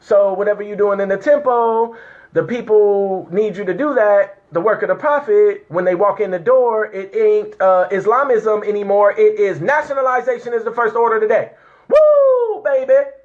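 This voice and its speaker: A man's voice: high-pitched, normal speed, highs cut off. A man, fervently reading a declaration to viewers, tearful and crying out in emotional exclamations. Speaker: speaker reading a legal declaration.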